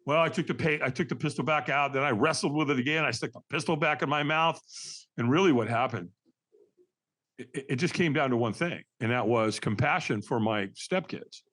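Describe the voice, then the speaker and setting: An older man, a podcast guest, telling a personal story in a candid, earnest way and acting out old conversations with lively energy. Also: medium pitch, fairly quick. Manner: animated, acts out remembered dialogue.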